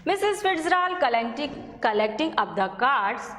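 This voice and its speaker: A woman teacher with an Indian English accent explains a play to her students at an unhurried, careful pace. Her voice sits high. The recording is echoey, with a long reverb ringing around her. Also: lively intonation. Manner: slow, explanatory, addressing students as children. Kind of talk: classroom lesson explaining a play.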